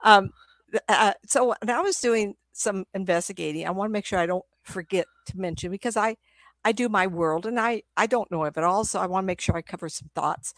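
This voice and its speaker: A woman's voice: medium pitch, brisk, no room sound. A middle-aged woman, a psychic medium, telling stories in a casual, rambling way, often laughing. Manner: rambling, laughs often, acts out quoted voices. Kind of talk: casual storytelling talk.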